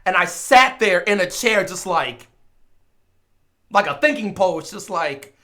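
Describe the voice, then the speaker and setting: A man streamer, from Chicago, telling a casual story with lively swings between mumbled asides and loud exclaims. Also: high-pitched, slow.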